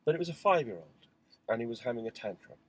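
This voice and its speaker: A man's voice: medium pitch, big pitch swings, fast talker, breathy edge, low-quality recording. A father talking frankly to camera in a spoken diary, rambling through a family story with asides. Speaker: father recounting family life. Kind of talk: candid spoken diary monologue.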